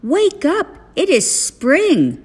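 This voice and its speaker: An eager little storybook frog, calling his friend in a high, lively voice that leaps up and down, as a woman reading aloud puts him on. He talks slowly and with excitement, urging and coaxing. The storybook reading is gentle and unhurried. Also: breathy edge, exaggerated voice. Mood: urgent calling.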